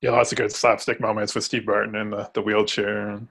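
A man co-hosting a casual movie chat, easygoing and quick to agree, laughing softly. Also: fairly low pitch, little pitch movement, creaky, breathy edge. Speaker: podcast co-host.

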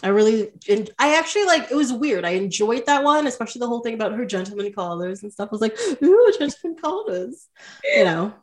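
A woman's voice: a little high, expressive, quick pace, hardly any pauses. A woman in casual podcast chat about films, bubbly and giggly, with many "like" fillers.

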